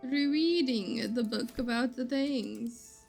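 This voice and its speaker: A woman's voice: fairly high pitch, takes it slowly, gravelly, darkish tone, faint music behind. A woman streaming a video game, chatting casually and reading in-game books aloud. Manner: chatty, reads game text aloud with self-corrections.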